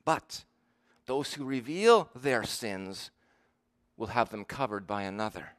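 A man preaching a sermon, earnest and emphatic, slowing down to stress the verses he quotes. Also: fairly low pitch, animated.

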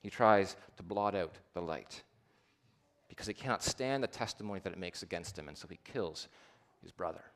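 Preaching a sermon, this man swings between loud, forceful high points and quiet, hushed phrase endings. At times he slows his delivery to hammer home repeated points deliberately.

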